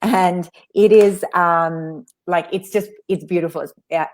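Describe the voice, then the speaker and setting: A woman's voice: on the low side, fairly even intonation, a little mellow. A woman, hosting a casual interview and telling a story in a chatty way. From Australia. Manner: chatty, with fillers and quick asides. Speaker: host.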